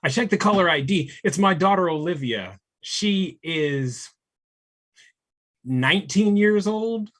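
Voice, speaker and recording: A man telling a personal story at a storytelling slam, in a measured, suspenseful way. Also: high-pitched, lively intonation, fairly bright tone. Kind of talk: live storytelling.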